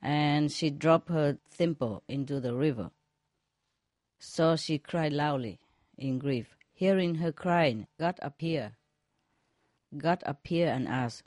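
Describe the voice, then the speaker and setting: A woman, a spiritual teacher, telling jokes to a group in a slow, chuckling way, often checking whether her listeners follow. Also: low-pitched, a little mellow, dry recording, clean studio sound.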